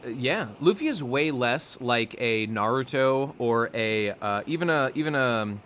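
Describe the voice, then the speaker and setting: A man's voice: medium pitch, animated, moderate pace, fairly bright tone, a little hiss or hum. A man co-hosting a fan podcast in casual chat, rambling with lots of fillers and restarts. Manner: rambling, many fillers and restarts, laughs often. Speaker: podcast co-host.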